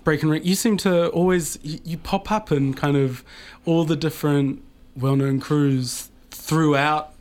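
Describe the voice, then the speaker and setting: Hesitant New radio host. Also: male voice, fairly high pitch, steady tone, unhurried, hardly any pauses, darkish tone. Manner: hesitant, many ums and restarts. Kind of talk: live radio interview. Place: radio studio.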